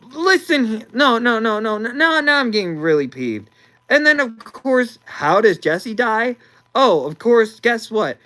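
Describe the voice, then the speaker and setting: A woman's voice: on the high side, sing-song, a little slow, fairly bright tone, low-quality recording. A young woman ranting about a movie, exasperated, sighing and repeating words as she talks.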